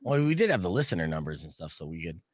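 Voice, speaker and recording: A man hosting a radio show, telling stories with lively voice imitations. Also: low voice, fast talker, no room sound, clean studio sound. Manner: animated storyteller, mimics voices. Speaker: radio host. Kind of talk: morning radio banter. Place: radio studio. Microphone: studio broadcast mic.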